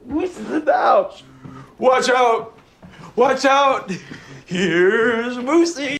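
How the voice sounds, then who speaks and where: A man putting on a high squeaky falsetto voice as a hype-man announcing a stream intro. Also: lively intonation, drawn-out words, fairly bright tone, full character voice. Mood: hyped.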